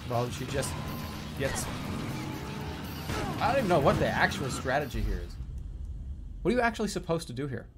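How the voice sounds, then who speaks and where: A man streaming a video game, commenting as he plays and swearing often, dropping from low muttering to angry shouts. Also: very animated, moderate pace, long pauses, over music. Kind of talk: gaming livestream commentary.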